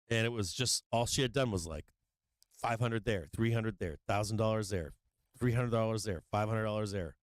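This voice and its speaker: A man's voice: on the low side, a little fast, no echo, clean studio sound. A middle-aged man hosting a live stock market stream, talking casually and profanely about charts and money, rambling between trade updates. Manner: rambling, profane, breaks into gleeful taunting. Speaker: livestream stock market host.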